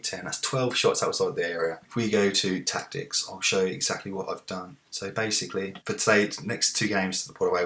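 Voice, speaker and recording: A man hosting a football management game playthrough, talking it through in casual commentary and cheering loudly at goals. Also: deep voice. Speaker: let's play host.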